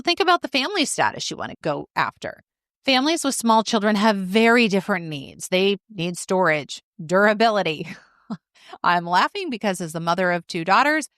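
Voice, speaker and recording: A woman's voice: fairly low pitch, fairly bright tone, no room sound, clean studio sound. A middle-aged woman hosting a podcast, explaining things in a conversational way and often putting questions to the listener. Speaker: podcast host. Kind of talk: informal teaching monologue.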